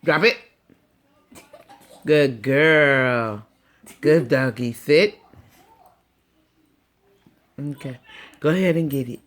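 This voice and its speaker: A woman's voice: very deep voice, drawn-out words, long pauses. An older woman, a grandmother, coaxing and teasing her dog in a casual home video, laughing often.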